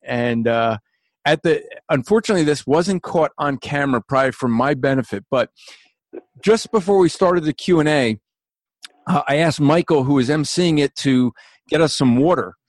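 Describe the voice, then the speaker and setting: A man's voice: fairly high pitch, normal speed, no echo. A man hosting a casual chat, teasing his guest and laughing often. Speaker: host.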